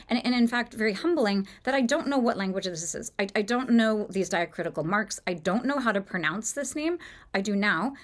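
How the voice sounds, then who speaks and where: A woman hosting a book podcast, talking through a novel in a thoughtful, musing way with many fillers and restarts. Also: medium pitch. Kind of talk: casual book discussion monologue.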